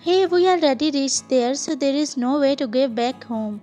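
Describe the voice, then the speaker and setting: A woman reading the lines of an excited teenage girl friend in a storybook-style reading, in a gushing, bossy way. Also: high-pitched, a little fast, soft background music. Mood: eager.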